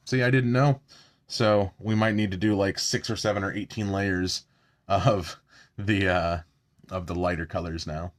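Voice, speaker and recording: A man's voice: low voice, steady tone, unhurried. A man chatting casually at home while doing his makeup on a live stream, joking about himself and swearing now and then.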